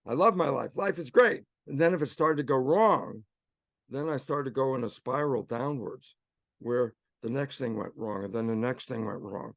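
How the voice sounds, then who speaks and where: Animated older male storyteller, dry sound. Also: medium pitch, normal speed, creaky, dry recording. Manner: animated storyteller, acts out inner voices. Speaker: guest. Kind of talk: storytelling interview talk.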